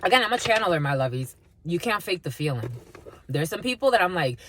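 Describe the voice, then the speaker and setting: A woman's voice: lowish voice, fast. A woman giving a casual spiritual reading to camera, blunt and swearing freely, often breaking into laughter and calling her viewers "my lovies". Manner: animated, laughs often mid-sentence. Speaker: spiritual reader and channeler.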